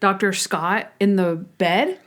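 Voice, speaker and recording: A woman's voice: mid-range voice, takes it slowly. A woman co-hosting a podcast in casual chat, retelling scenes with lots of acted-out quotes. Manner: animated retelling, acting out scenes in quoted voices. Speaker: podcast co-host.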